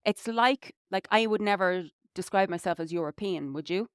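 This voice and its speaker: Smooth-voiced Irish woman podcaster. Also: medium pitch, normal speed, no room sound, clean studio sound. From Ireland. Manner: reflective, many fillers like "you know". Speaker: podcast co-host. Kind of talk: casual podcast conversation.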